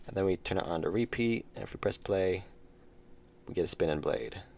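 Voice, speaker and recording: Low gravelly man thinking aloud. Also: fairly quick, a little mellow, slight background noise. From United States. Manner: thinks aloud, mumbles while working, chats with viewers. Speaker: game developer streamer. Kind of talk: casual live-stream commentary while coding.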